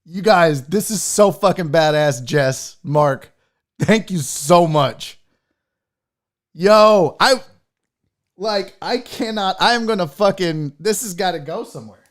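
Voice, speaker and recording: A woman hosting a casual online show, talking straight to viewers as she unboxes a gift, excitable and swearing freely. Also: fairly low pitch, slow pace. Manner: excitable and heavily profane; talks straight to the audience. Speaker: sports show host.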